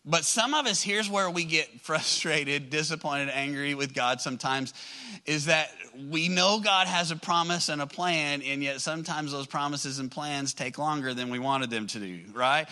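Bright-voiced high-pitched male preacher. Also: normal speed, low-quality recording. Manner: conversational preaching, rhetorical questions to the congregation. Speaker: pastor. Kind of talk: sermon.

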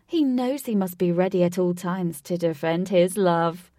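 A woman's voice: on the low side, a little slow, mellow, no echo, clean studio sound, lightly acted. A woman voicing an eccentric, flamboyant male showman who announces theatrically to a crowd.

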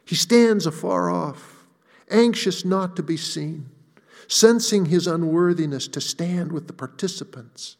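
A man preaching a sermon, deliberate and emphatic, slowing down to stress key words. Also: sits high, vocal fry. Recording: long reverb of a large hall.

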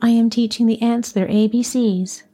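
A woman's voice: on the high side, steady tone, moderate pace, warm tone, faint music behind, close to an everyday voice. A woman voicing a touchy, surly old male carpenter in a storybook reading, protesting indignantly.

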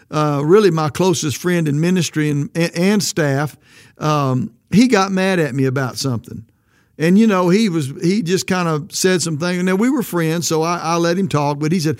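A man's voice: sits high, no room sound, studio quality. A man preaching a sermon as pastor, earnest and emphatic, his voice leaping up on quoted questions.

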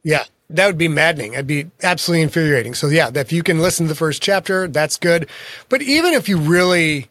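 A man's voice: fairly high pitch, expressive, fast talker, a bit bright, dry recording. A man, a guest author in a casual interview, telling frank and self-deprecating stories about his work.

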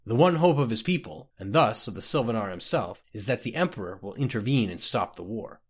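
A stout male wood elf, voiced by a man who sets out facts calmly and plainly. His pitch moves a lot. This is a storybook reading. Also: a little fast, slightly rough. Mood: explaining.

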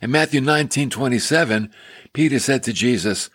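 A man's voice: mid-range voice, fairly quick, slightly rough, dry recording, clean studio sound. A man preaching a sermon, teaching from a Bible passage and asking his listeners questions. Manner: animated, asks the listener questions. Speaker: pastor.

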